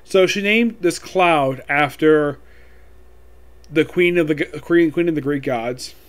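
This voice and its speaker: Casting note: man reviewing a manga chapter, slightly high voice, rambling casual recap. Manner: rambling, reads dialogue aloud in quick voices.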